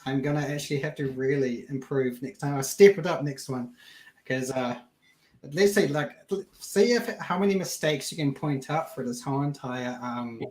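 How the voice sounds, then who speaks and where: A man's voice: mid-range voice, moderate pace, darkish tone. A man hosting a casual livestream, rambling loosely with fillers over a video call. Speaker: show host. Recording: roomy with faint background noise.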